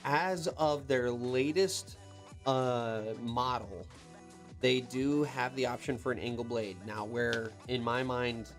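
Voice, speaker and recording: A chatty working man on a casual live stream, talking from the cab of his machine. He reads viewer comments out loud and answers them off the cuff in an easygoing, mid-pitched voice. Faint music plays behind him. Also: fairly even intonation, slow. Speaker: heavy equipment operator hosting a live Q&A. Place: in an equipment cab.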